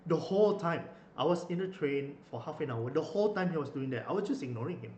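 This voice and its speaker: A man's voice: fairly high pitch, expressive, fast, a little mellow, dull audio. A young man, telling a story in a rambling casual way with many fillers and restarts. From Malaysia. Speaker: vlogger. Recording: echoey room, faint noise.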